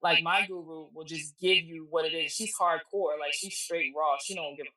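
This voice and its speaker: A woman tells stories in a casual, blunt, animated way, with casual swearing. Her voice sits a little low yet sounds bright. She is recorded from a distance in an echoey room. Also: moderate pace. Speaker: podcast guest, spiritual reader. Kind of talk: casual storytelling interview.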